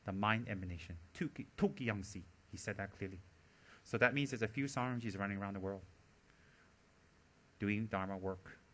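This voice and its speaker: Bright-voiced man giving a dharma talk. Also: on the low side, normal speed, pauses often. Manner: animated storytelling, laughs and teases listeners. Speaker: Buddhist teacher.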